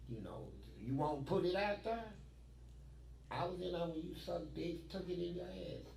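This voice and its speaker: A man's voice: sits high, expressive, normal speed, creaky, darkish tone, reverberant, recorded from a distance, a little hiss or hum, low-quality recording. A man telling blunt, profane stories from prison life in a streetwise way, recorded in an interview.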